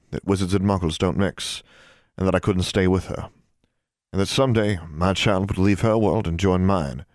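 A stern, secretive wizard father, read by a male narrator, his voice low and deep, calm and formal even when he warns. It is close and dry, with no room sound. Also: no room sound, close to an everyday voice.

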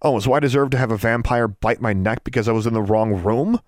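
A man voicing a defiant, sharp-tongued young schoolgirl in an audiobook, pushing his deep voice much higher and arguing hotly. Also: dry recording, studio quality, close to an everyday voice. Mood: indignant. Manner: indignant, quick to argue. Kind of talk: audiobook character voice.

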